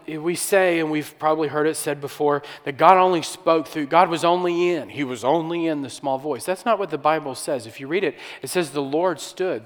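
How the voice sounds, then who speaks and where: Pastor guy preaching, chatty, asks the room questions, big echoey church. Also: fairly high pitch. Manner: conversational preaching with restarts, rhetorical questions. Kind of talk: sermon.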